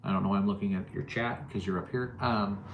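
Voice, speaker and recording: A man's voice: fairly low pitch, fairly even intonation, quick pace, narrow, tinny audio, slight background noise. A middle-aged man hosting a casual livestream, joking easily and answering viewers' chat. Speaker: livestream host. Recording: echoey room.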